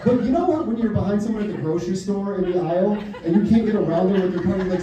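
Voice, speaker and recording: Man, stand-up comic, high voice, excitable self-mocking storytelling, very echoey club heard from far off. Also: rapid-fire, hardly any pauses, a crowd in the background. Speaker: stand-up comedian. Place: comedy club stage with audience. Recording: echoey club sound from far off with audience laughter.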